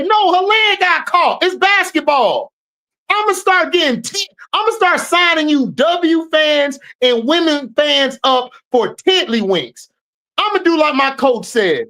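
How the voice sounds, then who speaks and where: A woman host riffing through a sports recap, mock-scolding and trash-talking. Her voice is high and leaps all over. She talks slowly, leaning into each jab. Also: very animated, a bit bright. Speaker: show host, sports commentator. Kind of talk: casual sports commentary.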